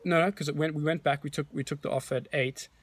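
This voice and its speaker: A man's voice: on the high side, quick pace, dry recording. A man, a real estate agent, casually tells a story in a vlog, rambling and restarting as he talks. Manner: animated, rambling retelling with many restarts.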